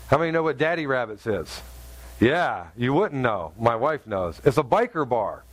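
A man preaching a sermon, telling a personal story in a halting, conversational way full of fillers, then rising to fervent exhortation. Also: medium pitch, very animated.

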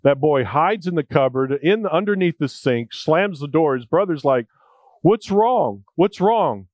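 A man's voice: fairly high pitch, lively intonation, moderate pace, dry recording. A male preacher delivering a sermon in a conversational, jokey way, repeating key points for emphasis.

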